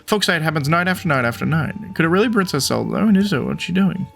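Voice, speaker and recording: A man's voice: a little high, animated, very fast, creaky, a bit bright, faint music behind. A man voicing an eager male bird reporter in a game, friendly and jumpy, who keeps calling the listener partner. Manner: upbeat, calls listener partner.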